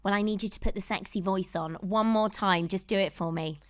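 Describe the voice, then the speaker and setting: A woman's voice: mid-range voice, a little fast, no room sound, clean studio sound. A woman hosting a podcast, telling stories in an enthusiastic, gushing casual chat. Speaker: podcast host.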